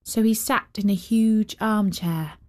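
A woman hosting a storytelling show, reading a children's story in a slow, expressive narration. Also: mid-range voice. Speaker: storyteller host. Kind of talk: scripted narration.

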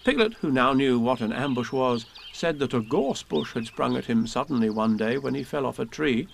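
A man reading children's poems and stories aloud with a gentle, measured recitation. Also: mid-range voice, lively intonation, vocal fry, slight background noise. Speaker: reader.

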